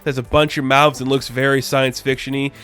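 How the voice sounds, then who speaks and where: A man's voice: mid-range voice, flat delivery, brisk, a bit bright, smooth, soft background music. A man giving a casual comic book review, chatty and full of fillers, loosely paraphrasing what the characters say.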